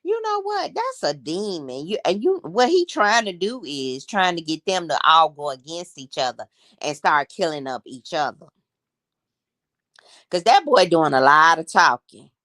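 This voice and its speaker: Low-voiced and very animated, this sixty-something woman takes her time as she gossips on a relaxed livestream, addressing viewers as y'all. Her tone is fairly bright, and the studio recording is clean and dry.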